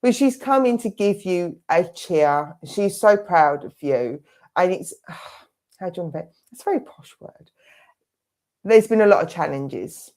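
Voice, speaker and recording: A woman's voice: on the low side, lively intonation, moderate pace, darkish tone. A middle-aged woman giving a clairvoyant reading as a spiritualist medium, chatty and full of quoted asides. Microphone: online service stream.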